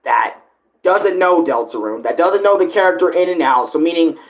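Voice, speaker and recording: A man with a fairly high voice rambles through a casual vlog, piling up fillers like "right" and "whatnot" and dropping swear words along the way. He sounds unscripted and loose. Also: lively intonation, normal speed. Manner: rambling, profane, lots of filler. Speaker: music creator vlogging.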